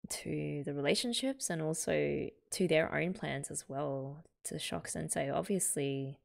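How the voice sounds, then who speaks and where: An Australian woman gives casual reaction commentary on a manga, working her thoughts out aloud and stopping to correct herself. Her voice sits on the low side and carries a gravelly fry. She talks at an unhurried, slow pace. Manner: thinks aloud, corrects herself mid-sentence.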